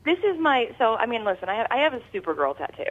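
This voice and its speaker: A woman guest calling in to an interview, candid and quick to laugh. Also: a little high, sing-song, a bit bright, dull audio. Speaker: guest actress. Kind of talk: casual interview chat. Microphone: phone call-in.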